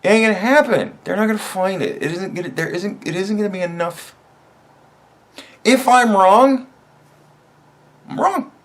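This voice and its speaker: A man's voice: sits high, expressive, normal speed, long pauses. A man hosting a podcast, delivering an angry, mocking political rant full of swearing. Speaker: podcast host. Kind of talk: profane political commentary rant.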